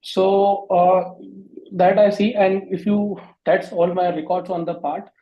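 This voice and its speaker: A man speaking as a panelist on a video call, halting and full of fillers. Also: high-pitched, flat delivery. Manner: halting, many fillers and restarts. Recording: dull lo-fi call audio.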